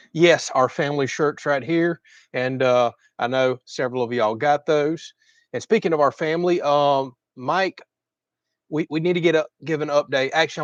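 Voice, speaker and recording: Chatty man, slightly hoarse. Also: medium pitch, dry recording, highs cut off. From Florida. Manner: chatty, rambling, folksy. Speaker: livestream host. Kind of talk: casual livestream chat. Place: outdoors at a home cooking spot.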